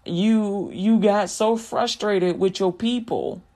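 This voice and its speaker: A woman's voice: medium pitch, slow pace, a little mellow. A woman minister preaching casually, folksy and direct, acting out examples and laughing often.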